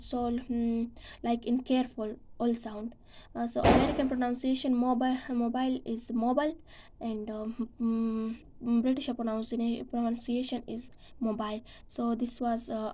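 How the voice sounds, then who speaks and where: Hesitant woman with a flat, mellow voice. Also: a little high, poor audio. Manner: hesitant, many fillers and restarts. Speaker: student presenter. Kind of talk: class presentation on pronunciation.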